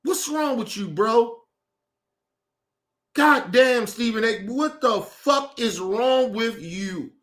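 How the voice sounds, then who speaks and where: A man's voice: very high-pitched, expressive, slow, a bit bright. A man streaming his reaction to a clip, ranting in incredulous, profane commentary.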